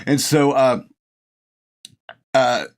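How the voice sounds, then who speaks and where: A man's voice: mid-range voice, drawn-out words. A middle-aged man hosting a podcast, rambling through a casual movie review with frequent laughs. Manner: rambling and gushing, laughs often, acts out movie lines. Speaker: podcast host.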